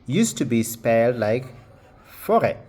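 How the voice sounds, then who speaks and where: A man teaching a French lesson in a casual way, talking slowly, repeating words and restarting often with fillers. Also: mid-range voice, expressive, a little mellow. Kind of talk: casual screen-share lesson.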